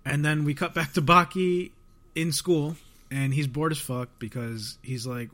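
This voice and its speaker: A young man co-hosting a podcast casually recaps anime episodes, rambling, swearing freely and acting out lines of dialogue. His voice is on the high side and a bit bright, with fairly even intonation and a slightly slow pace.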